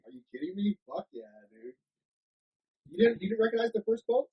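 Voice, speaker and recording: A man's voice: high-pitched, sing-song, fairly quick, husky, lo-fi sound. A man co-hosting a podcast, a stand-up comic chatting casually in a laid-back way, full of fillers. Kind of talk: casual chat.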